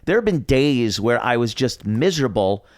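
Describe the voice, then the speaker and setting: A man's voice: mid-range voice, big pitch swings, moderate pace, no room sound, clean studio sound. A middle-aged man, a radio host guesting on a podcast, talking bluntly and profanely with frequent laughs. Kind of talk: casual chat.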